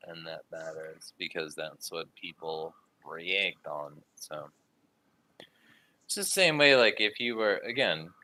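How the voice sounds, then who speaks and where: Very deep, hard-edged man, blunt and profane. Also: animated, pushed and bright. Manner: blunt, profane, halting with fillers. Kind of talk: casual political debate.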